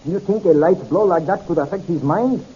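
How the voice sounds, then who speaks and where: A man's voice: sits high, brisk, mellow, husky. A man voicing an anxious, inquisitive male passenger who keeps asking questions. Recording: dull lo-fi recording.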